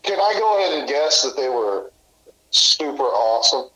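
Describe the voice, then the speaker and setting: A man's voice: medium pitch, very animated, normal speed, crowd noise. A man co-hosting a podcast who chimes in with short, joking remarks and crude humor. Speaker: podcast co-host. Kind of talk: casual podcast banter. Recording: echoey room.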